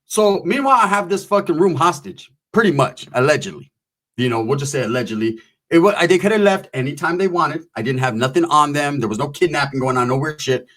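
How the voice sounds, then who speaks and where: A man spins a crude street story in a loose, rambling style, swearing freely and leaning on slang. His voice sits a bit higher than most men's. He drops into acted-out voices for the people in the tale. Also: animated, a little fast, a bit bright. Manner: profane, rambling, slangy, acts out quoted voices. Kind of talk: casual crude anecdote telling.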